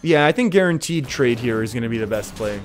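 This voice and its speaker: A man's voice: mid-range voice, animated, quick pace, faint music behind. Chatty Canadian man streaming a game. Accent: English Canadian. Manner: chatty, laughs often, reads viewer comments. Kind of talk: casual game commentary with chat.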